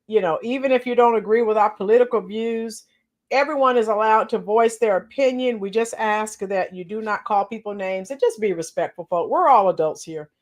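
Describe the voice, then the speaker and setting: A woman hosting a casual political livestream, greeting viewers by name with frequent fillers and throat clearing. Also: medium pitch, a little fast. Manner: clears her throat often. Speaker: political commentary channel host.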